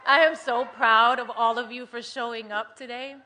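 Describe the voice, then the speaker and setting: A high-voiced woman delivers a political rally speech at a large venue, moving from soft, earnest passages to shouts to the crowd. A cheering crowd roars around her, and steady noise runs under the live recording. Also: normal speed. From United States. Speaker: rally speaker.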